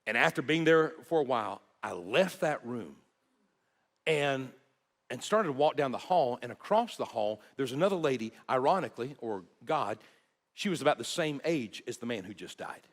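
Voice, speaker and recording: A male pastor preaching, telling a personal story with earnest, halting repeats and hushed dips. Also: medium pitch, expressive, in a large hall. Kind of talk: sermon storytelling.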